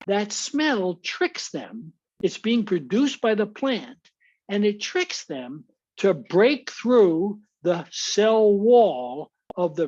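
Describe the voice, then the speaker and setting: A man's voice: sits high, a little mellow, dull audio. An American man giving a webinar lecture as a guest speaker, explaining slides with frequent uhs and restarts.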